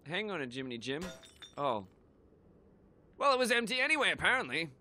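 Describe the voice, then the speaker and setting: A man playing a shooter and joking around, goofy and sweary, with sudden shouts. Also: on the high side, very animated, brisk, a little hiss or hum. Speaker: let's play gamer. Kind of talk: gaming commentary.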